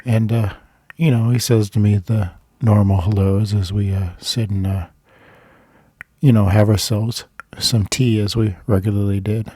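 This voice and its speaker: A man telling a casual anecdote in a rambling way, with many filler pauses. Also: on the low side, steady tone, mellow, husky, no room sound, studio quality. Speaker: storyteller.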